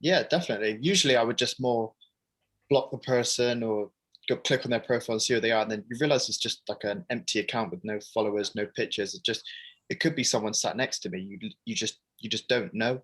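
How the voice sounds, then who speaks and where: A young man speaks as a guest in a sports interview, frank and relaxed, scattering "like" through his sentences. His voice sits fairly low for a man. He comes across open and conversational rather than polished. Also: a little fast, breathy edge, rough recording. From Great Britain. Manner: casual, frank, many "like" fillers.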